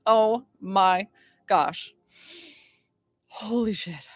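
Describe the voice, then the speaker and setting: A woman psychic healer chatting on a livestream, excitable and rambling, swearing now and then. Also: medium pitch, very slow, no room sound, studio quality. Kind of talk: casual livestream chat with viewers.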